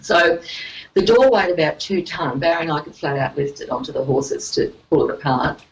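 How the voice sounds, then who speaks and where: Aussie woman storytelling, lower voice, muffled lo-fi sound. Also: expressive, moderate pace. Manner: storytelling, laughs easily. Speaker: guest. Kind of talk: casual chat.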